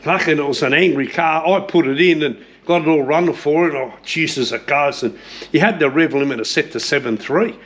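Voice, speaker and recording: Here the voice is a little high and fairly bright, moving at a fairly quick clip. It belongs to a middle-aged Aussie car restorer showing his home shed, talking cars casually with plenty of swearing and frequent repetition.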